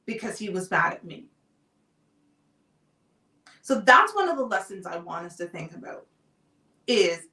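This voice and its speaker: A woman hosting a live talk show, telling a personal story in a calm, deliberate way. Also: a little high. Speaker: host. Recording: roomy sound, off-mic distance.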